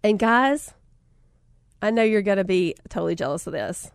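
A woman's voice: medium pitch, animated, moderate pace, vocal fry, clear, resonant tone, dry recording, clean studio sound. A woman with a Southern US accent gives a casual motivational talk, telling stories animatedly, laughing often and calling her listeners y'all. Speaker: speaker sharing life lessons.

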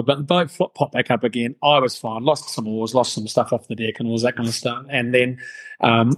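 A man's voice: mid-range voice, low-quality recording. New man, 30s, easygoing podcast guest, salty storyteller. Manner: laughs often, swears casually, relaxed storyteller. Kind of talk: casual storytelling interview.

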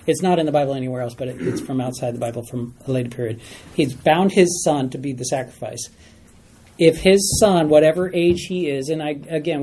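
A man teaching a Bible study class, animated, often repeating phrases and putting questions to the class. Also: a little high, husky.

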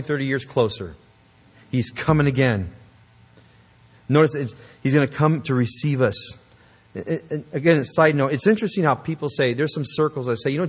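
A man preaching a sermon, emphatic and earnest, with conversational asides to the congregation. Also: mid-range voice. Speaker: pastor.

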